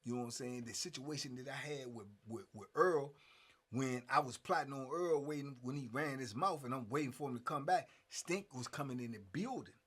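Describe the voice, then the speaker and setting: A middle-aged man, telling prison stories in a casual, animated way and acting out what others said. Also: mid-range voice, brisk, breathy edge. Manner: animated, acts out quotes, frequent "man". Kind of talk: casual storytelling.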